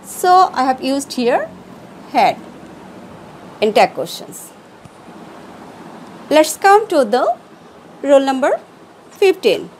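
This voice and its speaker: A woman English teacher giving an online class, explaining slowly and deliberately with pauses. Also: high voice, sing-song, a little hiss or hum, rough recording.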